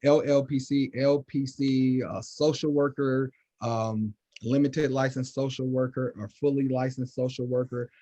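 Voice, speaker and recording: A man working as a counselor, answering questions in casual, animated talk with lots of fillers. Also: medium pitch, unhurried, highs cut off. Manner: animated, conversational, many fillers.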